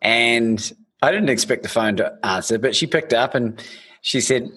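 A man's voice: mid-range voice, normal speed, fairly bright tone, husky. A man hosting a podcast, telling stories in a rambling, casual way with many restarts. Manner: storytelling, rambling, frequent restarts and swearing. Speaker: podcast host. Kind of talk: casual interview chat.

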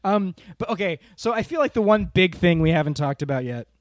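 A man's voice: high voice, expressive, a little fast, no room sound, studio quality. A man co-hosting a podcast, talking animatedly about a film, laughing and jumping between tangents. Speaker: podcast co-host. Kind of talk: casual film-review chat.

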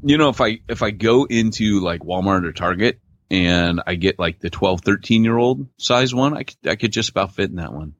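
A lively man with a lowish voice that swings up and down as he tells stories. He co-hosts a podcast in casual chat and leans on laid-back slang. The audio is dull and lo-fi, very dry. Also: moderate pace, few pauses, no room sound. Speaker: podcast co-host.

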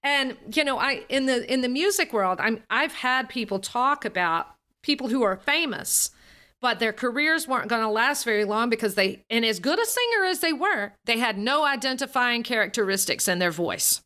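A woman's voice: on the high side, animated, normal speed, bright, forceful tone. A woman who coaches singers and speakers, talking animatedly in an interview and laughing often. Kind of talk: casual interview talk.

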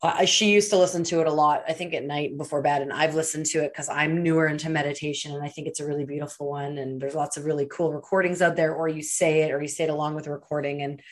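A woman's voice: sits low, steady tone, quick pace, hardly any pauses. A woman hosting a podcast interview, reflecting and encouraging her guest in casual talk. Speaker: podcast host.

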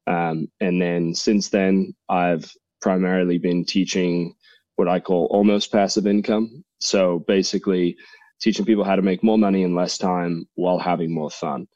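A man with a very deep voice and an accent that blends English and American, talking as a guest on a podcast. He chats and jokes easily as he tells his stories. The sound is dry and a bit dull, like a lo-fi remote mic. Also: steady tone, normal speed, darkish tone, dry recording. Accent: mixed English and American. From half English, half American. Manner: chatty, jokey storyteller. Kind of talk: casual podcast conversation.

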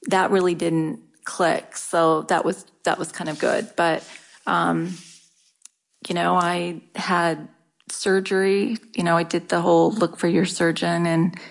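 A middle-aged woman talking candidly in an interview, halting often and restarting her sentences. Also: lowish voice, gravelly. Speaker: guest sharing her cancer story. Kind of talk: casual interview talk.

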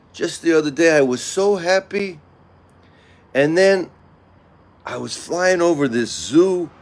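An envious parrot chatters in a raised, animated voice, performed by a man. He sounds worked up and wide-eyed. It is a simple spoken storybook voice. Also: a little high, a little hiss or hum, voice pushed up. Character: envious parrot, excited and upset.

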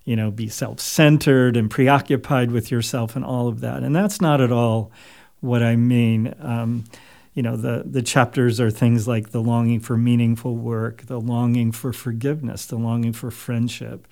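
A man being interviewed as an author, speaking in a thoughtful, measured way with frequent pauses. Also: medium pitch, fairly even intonation, creaky, a little mellow. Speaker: author and guest. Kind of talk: reflective interview talk.

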